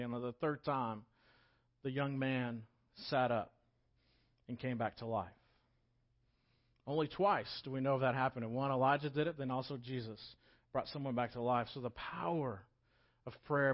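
A pastor delivers a casual storytelling sermon, speaking conversationally and moving between loud emphasis and hushed moments. He has a mid-range voice, and the audio sounds dull.

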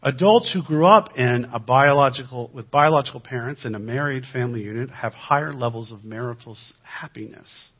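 Male guest preacher, mid-pitched and husky, animated delivery, dull recording. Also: fairly quick, few pauses. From United States. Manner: animated, swings between loud emphasis and quiet asides. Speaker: guest speaker. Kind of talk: sermon-style teaching talk.

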